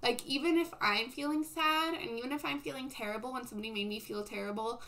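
A woman's voice: fairly high pitch, quick pace, bright, forceful tone. A young woman streaming live, chatting casually with her viewers, rambling and laughing often, with lots of "like" and "um.". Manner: filler-heavy, says "like" and "um" a lot. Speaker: livestreamer. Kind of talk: casual livestream chat.

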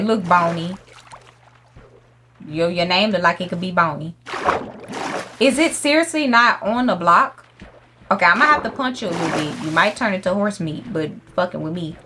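A woman's voice: on the low side, background noise. A young woman giving casual gameplay commentary, brash and profane, scolding the animals in her game. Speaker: gaming YouTuber.

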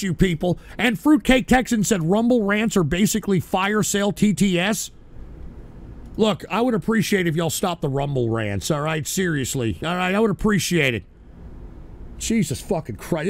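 A man hosting a livestream show, ranting with constant swearing, shouting at trolls, and tacking "all right?" onto his sentences. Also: high voice, vocal fry. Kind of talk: profane livestream rant.

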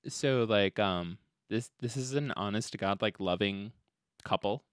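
A man's voice: lowish voice, measured pace, smooth, no echo, studio quality. A man co-hosting a podcast, talking casually, swearing freely and laughing often while retelling a story. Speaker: podcast co-host.

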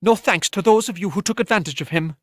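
Storybook farm wife, played by a man, cold and bitter, clipped lines, raised pitch, dry. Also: fast talker, dry recording, natural voice. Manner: cold and curt. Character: stern, resentful farmer's wife.

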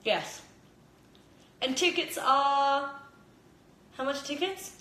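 A woman's voice: sits high, drawn-out words, sharp tone. A young Australian woman chatting casually into her phone from her kitchen, rambling and giggly, with lots of "like". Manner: rambling, giggly, heavy use of "like". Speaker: fighter streaming live. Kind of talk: casual live-stream chat. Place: home kitchen. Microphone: phone camera. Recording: roomy kitchen echo.

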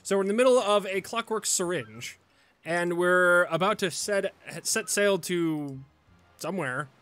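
A man hosting a casual game playthrough, jokey and animated as he reads the dialogue aloud. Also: sits high, unhurried, no room sound. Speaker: gaming YouTuber.

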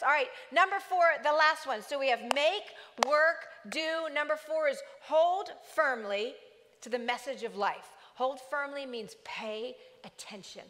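Lively woman preaching in a reverberant church. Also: high-pitched. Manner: lively, joking asides to the congregation. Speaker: pastor. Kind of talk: sermon. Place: church sanctuary.

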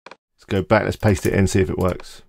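Low gravelly man walking through a tutorial. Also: little pitch movement, a little fast, darkish tone, no echo. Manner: casual, thinking aloud while clicking through. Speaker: tutorial host. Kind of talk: screen-recorded software tutorial.

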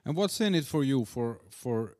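A man hosts a relaxed podcast interview in a plain mid-pitched voice. He asks his questions haltingly, circling through fillers and restarts, and murmurs agreement while his guest talks. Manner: hesitant questions, frequent backchannel murmurs. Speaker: podcast host. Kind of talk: casual interview.

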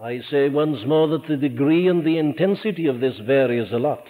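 An older Welsh preacher delivers an earnest sermon that swells into fervent emphasis and sinks to hushed lows. His voice sits fairly high. It comes through a thin, tinny archival recording with a long reverb trailing behind him in a large hall. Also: moderate pace. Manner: earnest, rising to fervent emphasis then dropping low.

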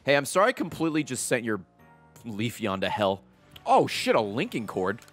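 Animated, swearing male game streamer. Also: medium pitch, moderate pace, faint music behind. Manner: loud, swearing, excitable reactions. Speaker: streamer playing a video game. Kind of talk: live gameplay commentary.

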